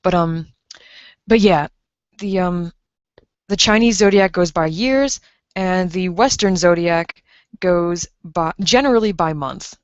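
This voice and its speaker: A woman in her twenties with a fairly low voice rambles through a casual livestream, packing her talk with fillers as she reads chat messages aloud. Her voice comes through a dull, lo-fi microphone in a dry, close-miked room. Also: slow pace, pauses often, no echo. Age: 20s. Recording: dull lo-fi stream mic.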